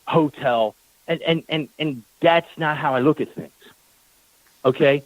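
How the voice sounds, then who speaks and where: Brief: male talk-radio guest, lively storyteller, middle pitch, dry close mic. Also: dry recording, muffled recording. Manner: animated storyteller, acts out quoted exchanges; repeats words when worked up. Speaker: team owner guest.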